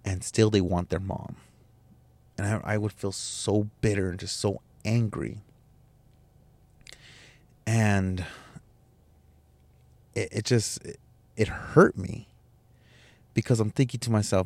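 A man's voice: lowish voice, fairly even intonation, measured pace, pauses often, darkish tone, no room sound. A man hosting a podcast, telling a personal story in a candid, emotional way, swearing and restarting his sentences. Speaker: podcast host.

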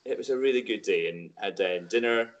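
A man's voice: lowish voice, a little fast, dull audio. A man hosting a casual interview, friendly and encouraging, with short affirmations. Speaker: host.

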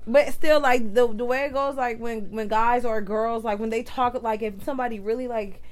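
A woman in her thirties chatting casually, loud and teasing, talking over her friends. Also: a little high, steady tone, moderate pace. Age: 30s. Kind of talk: casual chat.

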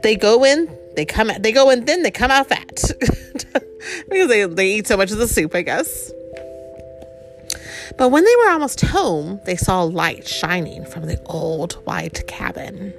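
A woman's voice: medium pitch, expressive, unhurried, soft background music. A woman reading a picture book aloud to a child, with chatty asides about the pictures.

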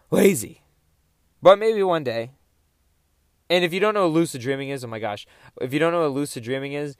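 A young man hosting a podcast, telling a story in a rambling, animated, self-interrupting way. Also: medium pitch, no echo, studio quality. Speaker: podcast host. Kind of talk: casual solo storytelling.

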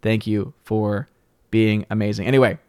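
A man hosting a livestream, signing off casually, thanking viewers and reading supporter names with lively upward lifts. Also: fairly low pitch, moderate pace, smooth, no room sound, studio quality. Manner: jokey, playfully mangles words. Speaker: livestream host. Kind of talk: casual stream sign-off and shout-outs.

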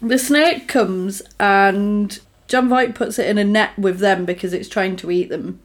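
A woman casually recapping a film with a friend, telling it vividly and acting out the characters with big jumps in her voice. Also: unhurried. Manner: animated storytelling, acts out characters with big pitch jumps, swears. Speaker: podcast co-host recapping a film. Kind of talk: casual chat.

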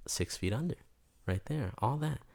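A young man, a guest, telling a story in a soft, unhurried and thoughtful way. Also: medium pitch, animated, gravelly. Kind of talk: reflective storytelling in conversation.

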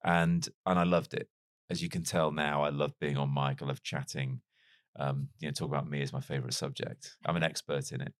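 Very deep-voiced man, chatty and self-deprecating. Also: little pitch movement, fairly quick, no room sound, studio quality. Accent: light Liverpool. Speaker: broadcaster and interview guest. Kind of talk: casual conversational storytelling.

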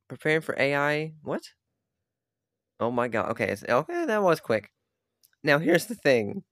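A man's voice: medium pitch, a bit bright, clean tone, dry recording, studio quality. A young man hosting his own podcast alone, chatting casually and rambling with lots of restarts and filler words. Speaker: podcast host. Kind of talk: casual solo podcast chat.

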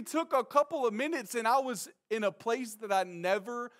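A young male pastor tells a story from the pulpit in a high-pitched voice. He is animated and loose, full of casual slang, and he throws himself into the quoted lines, sometimes shouting them out. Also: moderate pace. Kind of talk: sermon storytelling.

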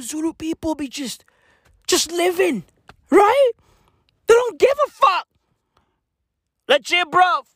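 High, lively South African woman ranting. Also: no echo, clean studio sound. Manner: animated, swears constantly, slangy with "bruh" and "fam". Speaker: vlogger. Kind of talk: profane comic rant.

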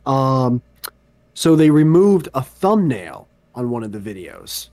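A man co-hosting a podcast in casual chat, telling stories in an animated way and swearing freely. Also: mid-range voice, slow, dry recording. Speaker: podcast co-host.

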